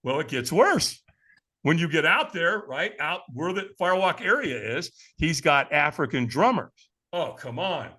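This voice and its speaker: A man in his sixties tells his story as a podcast guest, his slightly high voice jumping all over as he acts out the people in it. The tone is bright and forceful, and he chuckles through the telling. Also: big pitch swings, unhurried. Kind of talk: animated storytelling.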